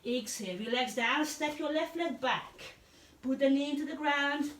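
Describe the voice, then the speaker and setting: Woman yoga teacher, higher voice, calm steady cueing, echoey room, mic set back. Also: normal speed, recorded from a distance. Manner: calm, encouraging cueing of breath and poses. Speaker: yoga and pilates instructor. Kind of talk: guided yoga class instruction.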